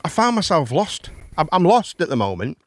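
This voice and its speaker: A man's voice: on the high side, very animated, normal speed, dry recording, studio quality. A man, hosting a live chat and phone-in show, rambling and swearing casually. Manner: rambling, chatty, swears casually, calls people mate.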